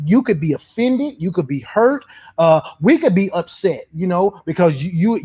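A man's voice: high voice, darkish tone, slightly rough. A man speaking as a pastor in a church talk, fervent and emphatic. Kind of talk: sermon-style church talk.

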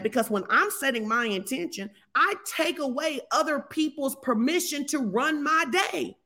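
A middle-aged woman pastor preaches with a bright, forceful voice. She is animated and emphatic, and she repeats her key lines for effect. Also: fairly high pitch. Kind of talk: sermon.

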